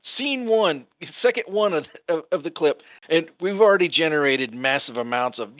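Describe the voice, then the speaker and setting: A man with a somewhat high, bright voice co-hosts a podcast, tossing in jokes and quick asides. His pitch swings widely as he talks. The recording is dry and close. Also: animated, no echo. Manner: joking, quick asides, laughs. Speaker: podcast co-host. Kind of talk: casual chat about a film.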